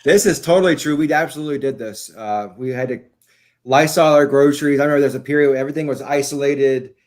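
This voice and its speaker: A man's voice: medium pitch, quick pace. A man in casual conversation, blunt and jokey, swearing freely as he tells stories. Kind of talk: casual chat.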